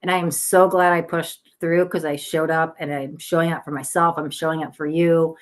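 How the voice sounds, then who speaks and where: A tired woman with a lowish voice hosts a live psychic stream from home. She talks in a chatty, earnest way, restarting her sentences and guiding listeners softly through breathing. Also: little pitch movement, moderate pace. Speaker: psychic tarot reader hosting a live stream. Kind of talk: casual live-stream chat.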